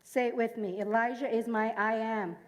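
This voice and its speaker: A woman's voice: on the high side, steady tone, moderate pace, in a large hall. A woman from Jamaica with a Jamaican accent, giving a sermon at a church service. She shares personal stories and has the congregation repeat lines after her. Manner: engages the congregation, asks them to repeat lines; personal storytelling.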